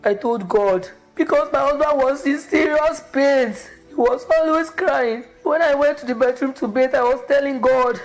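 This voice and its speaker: A woman with a Nigerian accent giving a fervent church testimony, breaking into high exclamations. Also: normal speed, hardly any pauses, soft background music, low-quality recording. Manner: fervent, exclamatory, with sudden high emotional cries. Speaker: testimony giver.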